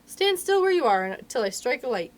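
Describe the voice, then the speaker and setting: A woman voicing a kindly, bustling little man who is an animal doctor, in a brisk, excited and fussy way. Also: a little high. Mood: shouting reassurance.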